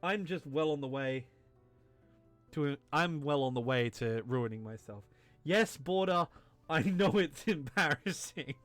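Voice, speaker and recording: A man's voice: on the high side, lively intonation, measured pace, no room sound, faint music behind. A tipsy man streaming a game, rambling, self-mocking and crude as he talks to his chat. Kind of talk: drunken game commentary.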